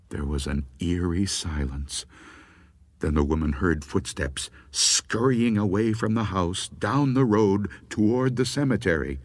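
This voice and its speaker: A man reading a spooky folk story aloud with unhurried, expressive delivery. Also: low-pitched, dry recording, clean studio sound.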